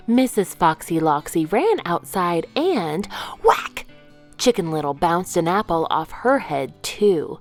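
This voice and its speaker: Slow, expressive woman reading to kids. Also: fairly low pitch, faint music behind. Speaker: children's storyteller. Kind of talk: read-aloud storytime narration.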